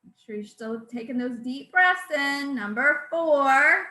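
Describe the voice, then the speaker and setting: Bright, slow-spoken woman leading voice drills. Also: sits high. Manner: calm, instructive, counts out drills. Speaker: speech-language pathologist leading voice exercises. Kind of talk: guided exercise class. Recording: echoey room.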